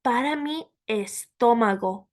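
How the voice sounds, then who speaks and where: Woman, language teacher, slow, repeating each word, higher-pitched. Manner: slow and deliberate, repeating words for learners. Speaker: Spanish teacher. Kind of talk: language lesson.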